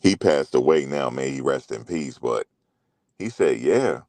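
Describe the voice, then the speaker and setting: A man's voice: extremely low pitch, lively intonation, a little slow, a little mellow, a little hiss or hum. A middle-aged man talking loosely and casually as a commentary host, rambling through stories with slang and profanity.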